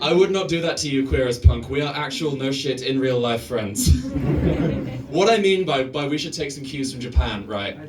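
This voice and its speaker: A man's voice: mid-range voice, expressive, moderate pace, distant mic, very noisy. A man doing a stand-up set on stage, rambling, swearing and laughing at his own jokes. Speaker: stand-up comedian. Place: live venue stage.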